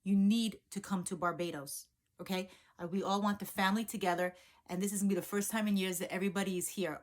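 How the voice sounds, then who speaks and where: A woman's voice: medium pitch, close to an everyday voice. Woman reading as an insistent, commanding brother. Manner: firm, commanding. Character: man, an insistent older brother writing a letter.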